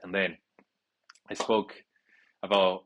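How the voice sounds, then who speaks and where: Excitable rambling man narrating his gameplay. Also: deep voice, slow pace, muffled recording, a little hiss or hum. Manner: excitable, rambling, with frequent restarts. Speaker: gamer playing a football video game.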